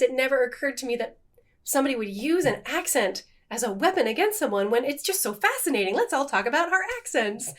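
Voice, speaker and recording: A middle-aged woman co-hosting a podcast, chatting casually and laughing at her own slip-ups. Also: fairly high pitch. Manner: animated, self-deprecating, laughs at herself. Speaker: podcast co-host. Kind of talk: casual chat.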